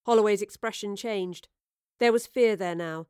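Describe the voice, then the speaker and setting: An audiobook narrator reads a story chapter aloud in a measured, clear voice. She speaks in an ordinary middle pitch that is a little mellow, and the scripted narration is recorded dry and close with no room sound.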